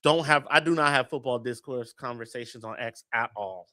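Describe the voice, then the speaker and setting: A man hosting a casual fan-show chat, animated and profane, reading viewer comments aloud. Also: medium pitch, a little fast, crowd noise. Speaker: podcast host.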